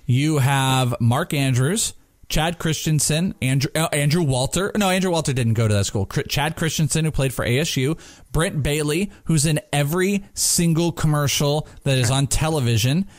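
A man's voice: on the high side, moderate pace, no room sound. A man from Arizona co-hosting a podcast, bantering and joking about his fantasy football lineup. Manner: joking, self-deprecating banter. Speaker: podcast co-host. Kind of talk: casual fantasy football chat.

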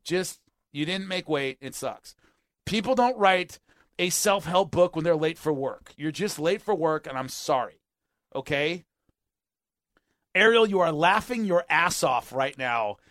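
A man hosting a sports talk radio show, ranting in an animated and exasperated way. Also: on the high side, unhurried, no echo, studio quality.

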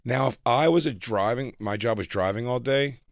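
A man's voice: mid-range voice, moderate pace, vocal fry, no echo, studio quality. A man co-hosting a casual comedy podcast, profane and riffing, sometimes slipping into goofy voices. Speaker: podcast co-host.

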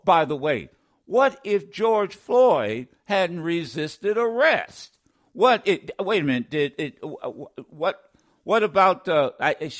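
A man hosting a talk radio show, commenting with passion, often stammering and restarting, repeating lines for emphasis like a preacher. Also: fairly high pitch.

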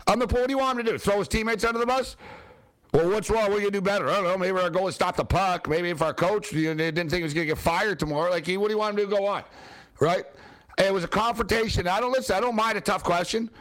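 A sports talk host with a high-pitched voice speaks bluntly and heatedly. He circles back over the same points as he argues, in a loose, casual style. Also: fast talker. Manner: blunt, animated, repeats himself.

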